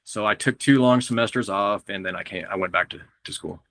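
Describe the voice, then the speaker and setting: A man from Texas, a guest on a podcast, telling stories in a lively, casual way, often laughing and acting out what others said. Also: on the low side, brisk, no echo. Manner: animated, acts out quotes of others, laughs often. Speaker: guest grower and breeder.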